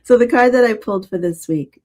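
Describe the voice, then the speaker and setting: A woman co-hosting a live stream, upbeat and quick to laugh, reading out card messages and musing on them. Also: fairly high pitch, mellow. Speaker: co-host card reader. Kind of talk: casual live-stream chat.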